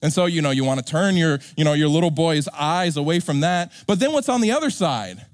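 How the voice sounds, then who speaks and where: A pastor preaching a sermon in an animated, joking way, acting out characters. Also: male voice, fairly high pitch, a little fast, no echo, studio quality.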